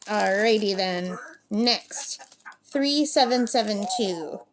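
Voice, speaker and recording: A crafting vlogger chats casually at her summer camp, where a talking parrot is present, rambling along and reading numbers aloud as she works. Her voice is medium-pitched and slow, with slight background noise.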